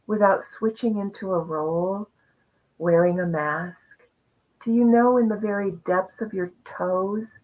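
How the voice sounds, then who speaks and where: A woman hosting a live online conversation, sharing a personal journey in an earnest, reflective, expressive way over a video call. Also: mid-range voice. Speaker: host. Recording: muffled lo-fi audio.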